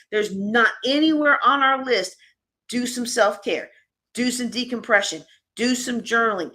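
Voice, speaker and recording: Lively woman presenting a workshop. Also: on the high side. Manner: lively and conversational, addressing the audience directly. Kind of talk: live conference workshop talk.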